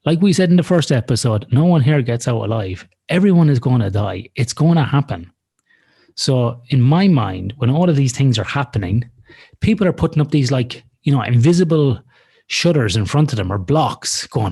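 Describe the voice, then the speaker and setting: Husky-voiced man chatting loosely on a podcast. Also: medium pitch, animated, normal speed, dark tone. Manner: loose and frank, swears freely, rambles through examples. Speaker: podcast co-host. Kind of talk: casual conversational chat. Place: lives in Australia.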